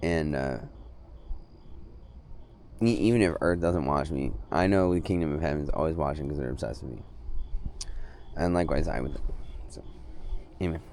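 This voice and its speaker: A man's voice: rumbling low, moderate pace, long pauses, a little mellow, a little hiss or hum. A man rambling casually in a self-filmed vlog, recorded outdoors. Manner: rambling, drifting from topic to topic. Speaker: vlogger. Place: outdoors in hot weather.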